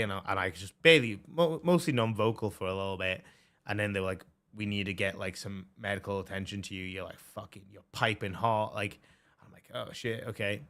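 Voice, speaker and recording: A young man chatting casually as a streamer, excitable and swearing a lot, with plenty of fillers. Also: sits low. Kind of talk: casual chat.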